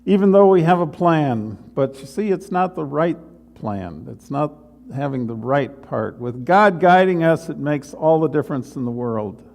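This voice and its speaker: A male pastor delivering an earnest, unhurried sermon in a church. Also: a little high, expressive, vocal fry, a little mellow. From United States. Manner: slow, earnest preaching with pauses. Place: church sanctuary.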